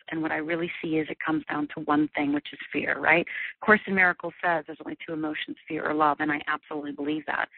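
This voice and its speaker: A woman's voice: fairly low pitch, no room sound. A woman giving an earnest talk as guest teacher in a teleclass, often checking in with "right?". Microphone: telephone. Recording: tinny phone line.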